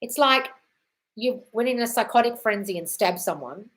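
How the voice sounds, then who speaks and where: A woman's voice: a little high, animated, moderate pace, fairly bright tone. An Australian woman talks straight into her live stream, answering viewer questions as a coach. She is blunt and sweary and keeps calling people darling, and she often reads the comments aloud before she answers them.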